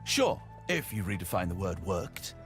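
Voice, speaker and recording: A man's voice: low-pitched, sing-song, normal speed, fairly bright tone, faint music behind. An actor playing Dr Watson, a wry, skeptical male companion who speaks in a dry, doubtful, grumbling way in a video game.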